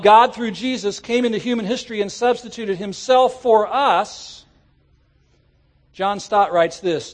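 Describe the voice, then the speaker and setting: A man preaching a sermon to his congregation, animated and rising at times to shouts. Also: high voice. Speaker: pastor. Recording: church sermon audio.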